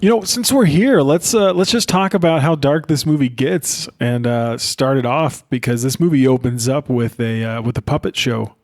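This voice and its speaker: A man's voice: medium pitch, moderate pace, few pauses, darkish tone. A man co-hosting a podcast, talking about a film in a loose, laid-back way and saying dude a lot. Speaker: podcast co-host. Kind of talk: casual film chat.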